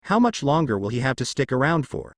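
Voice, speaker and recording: A man's voice: medium pitch, big pitch swings, brisk, dry recording, studio quality. A man voicing a cold, irritable young male ninja with an annoyed tone in a fan-fiction audio story.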